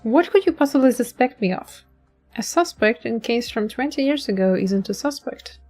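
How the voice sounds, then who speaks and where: Brief: unbothered woman cop in a game story, dry and blunt, read by a woman in a fairly high voice. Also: expressive, normal speed, darkish tone, soft background music. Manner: dry, blunt, matter-of-fact.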